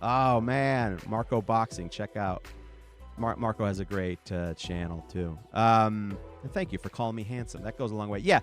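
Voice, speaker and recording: A man's voice: lowish voice, normal speed, faint music behind. A man hosting his own show, talking casually and comedically to viewers, mocking with rhetorical questions and brief impressions. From United States. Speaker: podcast host. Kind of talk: casual comedic monologue reading chat.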